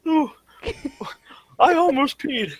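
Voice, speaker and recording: A man's voice: very high-pitched, lively intonation, slow, no echo. A man chatting casually with a friend, laughing so hard that he gasps for breath. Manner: laughs helplessly, gasping for breath. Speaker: guest, gaming youtuber. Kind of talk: casual chat over voice call.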